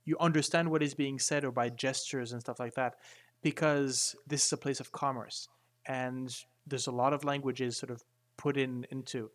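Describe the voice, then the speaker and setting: A man running a tabletop game as game master, explaining the scene in a halting way with many restarts. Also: mid-range voice, steady tone. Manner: halting, full of fillers and restarts.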